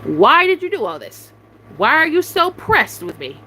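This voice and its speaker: Furious woman ranting, high and bright. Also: huge pitch swings, normal speed, slight background noise, low-quality recording. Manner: confrontational, repetitive demands, heavy swearing. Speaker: YouTuber venting on a live stream. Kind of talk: angry venting rant.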